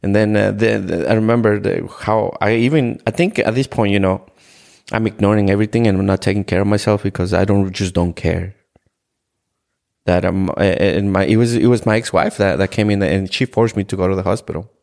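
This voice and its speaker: A middle-aged man from Ecuador speaks in a low, rough voice with a lot of fry. He tells his own life story as a podcast guest, often halting and restarting. He brings the memories to life by quoting what people said. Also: fairly even intonation, darkish tone. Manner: halting, repeats words, retells scenes in quoted dialogue. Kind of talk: personal testimony in a conversation.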